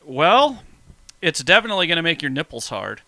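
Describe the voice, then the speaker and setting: A man's voice: on the high side, big pitch swings, fairly quick, bright, forceful tone. A man co-hosting a podcast, joking in an upbeat, casual way. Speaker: podcast co-host. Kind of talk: casual chat.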